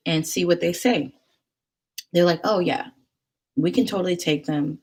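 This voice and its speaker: A woman's voice: on the low side, a little slow, pauses often, darkish tone, husky. A young woman vlogger telling a story in casual chat, acting out the people she quotes and laughing often.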